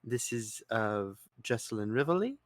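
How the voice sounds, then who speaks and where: A man's voice: mid-range voice, big pitch swings, moderate pace, dry recording. A man playing in a tabletop game, speaking his character's lines formally with hesitations. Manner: formal in-character speech with fillers. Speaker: player.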